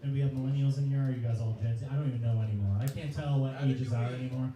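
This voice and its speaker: A man's voice: mid-range voice, steady tone, rapid-fire, mellow, very echoey, far from the mic, rough recording. A man in his thirties doing a loose, profane, self-mocking stand-up comedy set in a comedy club. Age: 30s. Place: comedy club stage, live audience.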